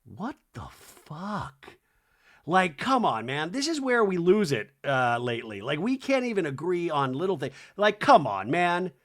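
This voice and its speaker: A man hosting a comedy podcast, recapping reality TV in an animated, profane way and mimicking the cast. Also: on the high side, normal speed, hardly any pauses. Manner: swears freely. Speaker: podcast host.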